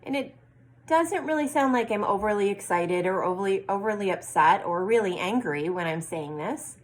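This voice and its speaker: Woman, first grade teacher, patient lesson, slow drawn-out example sentences. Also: medium pitch, expressive, poor audio. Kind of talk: teaching a lesson to young children.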